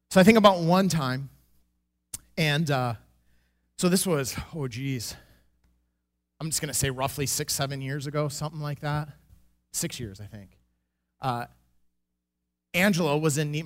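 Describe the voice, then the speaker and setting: High-voiced man telling a personal testimony. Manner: animated, self-deprecating, laughs often. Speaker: church member giving a testimony. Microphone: microphone.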